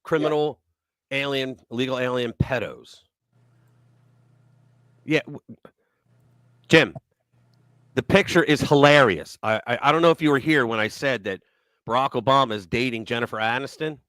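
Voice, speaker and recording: A man hosting a live news talk stream, talking in a casual, mocking way and swinging between loud remarks and muttered asides. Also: mid-range voice, moderate pace, long pauses, dry recording.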